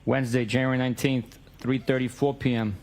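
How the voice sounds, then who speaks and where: A man's voice: medium pitch, level tone, fairly quick, a little mellow. A man in a courtroom reading out both sides of a text message exchange, stating the date and time of each message.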